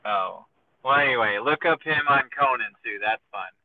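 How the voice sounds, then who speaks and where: A man's voice: medium pitch, animated, moderate pace. A man hosting a casual podcast chat, rambling through stories and swearing freely. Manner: rambling storyteller, swears freely, acts out quoted voices. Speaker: podcast host. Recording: tinny lo-fi phone-like sound with faint noise.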